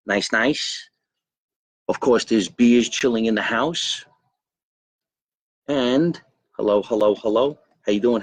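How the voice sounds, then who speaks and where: A man with a lowish, husky voice hosts a live comedy show outdoors from his backyard, near a grill and a pool, with no echo. He rambles, brags, and greets viewers by name.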